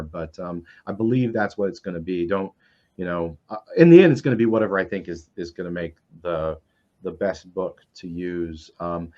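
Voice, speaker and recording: A man's voice: on the low side, a little mellow, dull audio. A man who is a game publisher, talking casually on a livestream panel, hesitant and full of fillers. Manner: hesitant, many fillers, self-interrupting.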